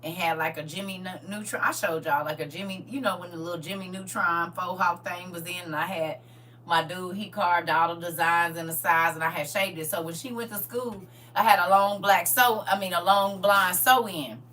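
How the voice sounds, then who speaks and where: A middle-aged woman hosting a livestream, telling family stories in a lively, laughing, colloquial way. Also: on the low side, normal speed. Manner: animated, laughing, colloquial storyteller who talks straight to viewers. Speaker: livestream host. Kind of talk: casual storytelling chat. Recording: distant mic with faint hum.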